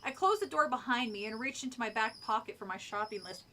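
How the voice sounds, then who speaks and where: A woman streamer reading a spooky kids' book aloud, breaking off to chat and comment in an animated, casual way. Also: fairly high pitch, fast, few pauses, a little hiss or hum.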